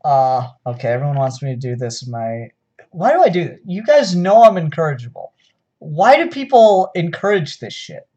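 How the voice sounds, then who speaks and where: A man's voice: a little high, big pitch swings, moderate pace, dark tone, muffled recording. Sarcastic guy rambling thru a comic review, exasperated, lots of ums. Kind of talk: casual solo review.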